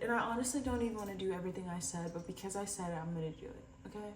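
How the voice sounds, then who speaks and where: A young woman talks candidly into a camera set some way off, rambling and low in spirits. Her voice carries a roomy echo, and a faint hum of ambience sits under it. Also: racing, far from the mic. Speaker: vlogger. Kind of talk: casual diary vlog.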